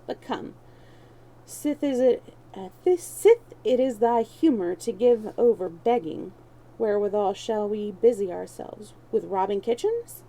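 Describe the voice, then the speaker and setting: A woman's voice: medium pitch, a little slow, warm tone, poor audio. A woman voicing a crafty young male street thief who mocks and schemes in archaic speech. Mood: scheming.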